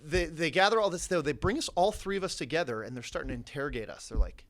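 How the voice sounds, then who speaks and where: A man from Canada, a podcast guest telling a story in a casual, profane, animated way. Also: a little high, quick pace. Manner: animated, profane, laughs through his story.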